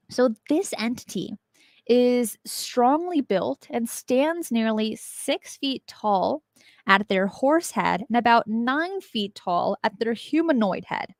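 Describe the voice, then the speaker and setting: On a podcast about unexplained mysteries, a woman with a medium-pitched voice tells a scary legend in a casual, chatty way, laughing at her own jokes. The recording is dry and has a clean studio sound.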